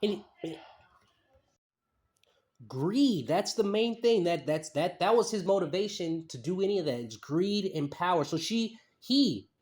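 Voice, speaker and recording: High-voiced man mocking a statement. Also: expressive, unhurried, a little mellow. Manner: repeats phrases, skeptical and mocking. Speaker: commentator. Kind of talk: casual commentary reading a statement aloud.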